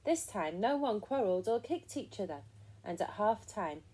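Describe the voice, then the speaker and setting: A woman reading a picture book aloud to children, expressive and inviting them to count along. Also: mid-range voice, normal speed, husky. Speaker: children's storyteller. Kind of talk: children's story time read-aloud.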